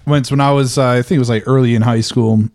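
A young man chatting casually on a podcast, telling stories in a rambling, halting way. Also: mid-range voice, fairly even intonation, a little mellow. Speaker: podcast co-host. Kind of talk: casual chat.

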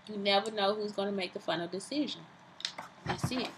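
Bright-voiced woman ranting casually to camera. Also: medium pitch, brisk, husky, low-quality recording. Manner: lively, profane, self-mocking, rambling. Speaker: vlogger. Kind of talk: casual vlog monologue.

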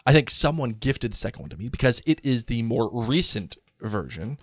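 A man's voice: medium pitch, a little fast, few pauses, no room sound, studio quality. A man co-hosting a podcast, chatting casually, reading listener emails aloud and joking often. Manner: joking, animated, laughs often. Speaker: podcast co-host.

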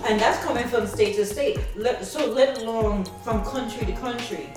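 High-voiced woman laughing through stories. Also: moderate pace. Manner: animated storyteller, laughs often, swears freely. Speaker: podcast co-host. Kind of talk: casual chat. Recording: echoey distant mic with background music.

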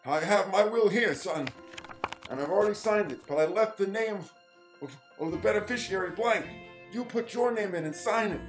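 Comedy audio drama: man playing a foul-mouthed dying old tycoon, high-pitched, ranting, over music. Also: normal speed, natural voice, rough recording. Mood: scheming. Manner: vulgar, ranting, gleefully villainous. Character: crude scheming dying old rich father. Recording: music behind.

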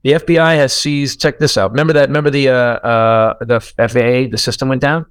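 Man, american, podcast co-host, animated and profane, dry close sound. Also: mid-range voice, brisk, clear, resonant tone, dry recording. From United States. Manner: animated, profane, swings loud for emphasis. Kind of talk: casual political chat.

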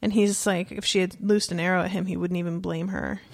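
A woman's voice: on the low side, level tone, fairly quick, gravelly, a little mellow, no echo, studio quality. A woman in casual chat, recapping a story and acting out the characters' lines, with easy laughs. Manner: chatty, laughs easily, retells scenes with quoted lines. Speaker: podcast co-host discussing a book.

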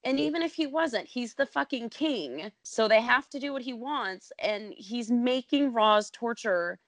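A woman's voice: on the high side, unhurried, no echo. A woman co-hosting a casual podcast chat, ranting with lots of swearing. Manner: animated, profane ranting. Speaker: podcast co-host.

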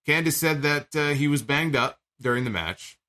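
A man's voice: on the high side, normal speed, sharp tone. A man hosting a wrestling talk show, reading an ad and recapping events in a chatty, wry way. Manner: chatty, wry, with fillers and asides. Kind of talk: casual recap and ad read.

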